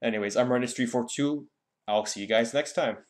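A man's voice: medium pitch, fairly quick. A young man giving a casual, rambling game guide with many fillers and restarts. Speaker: gaming YouTuber.

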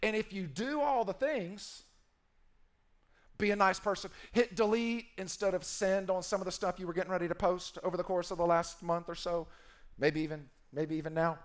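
A man's voice: high voice, normal speed. A man preaching a sermon as a pastor, playful and emphatic, acting out quoted voices and repeating key phrases.

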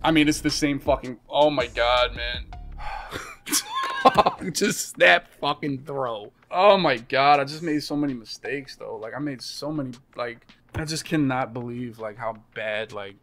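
A man's voice: medium pitch, normal speed, hardly any pauses, fairly bright tone, soft background music. A young man giving casual, profane, exasperated commentary while playing a video game, with slangy talk, groans and sudden outbursts.

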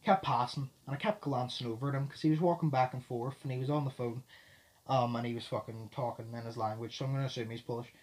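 Fast-talking, swearing male podcast host. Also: mid-range voice, fairly even intonation. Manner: fast, loud talker who swears often. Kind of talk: casual storytelling chat.

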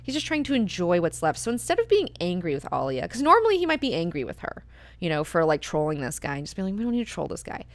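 Young woman chatting thru a book club recap, says like and you know constantly, lower voice, dry close sound. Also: wildly swooping pitch, fast talker, no echo. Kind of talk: casual book discussion.

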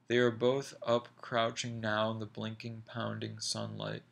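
A man reading a short story aloud in a slow, deliberate, measured way. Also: fairly low pitch, completely flat delivery, gravelly, a bit bright. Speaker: reader.

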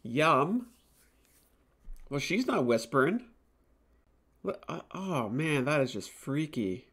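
A man's voice: fairly high pitch, sing-song, slow pace, a bit bright, slightly rough. A man hosting a live game stream, chatting with viewers and reacting aloud to the game, laughing easily. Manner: chats with viewers about snacks and drinks. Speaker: let's play host. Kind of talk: live-streamed gameplay commentary.

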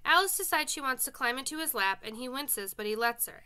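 Brief: woman narrator, bright, fairly high voice, friendly audiobook reading with casual asides. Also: lively intonation, a little fast, smooth. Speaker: reader. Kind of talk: audiobook reading of a children's novel.

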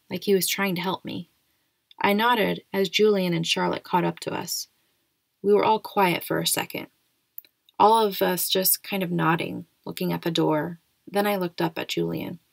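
A woman reading a novel aloud in a steady, quiet first-person narration, close to the mic. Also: fairly low pitch, normal speed, vocal fry, no echo. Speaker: audiobook reader.

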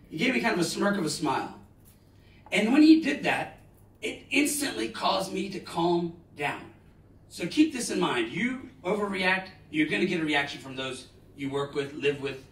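A man in his forties giving a live motivational talk, telling stories dramatically with bursts of loud emphasis. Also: sits high. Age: 40s. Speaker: motivational speaker. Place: large lecture hall. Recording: roomy hall, distant mic.

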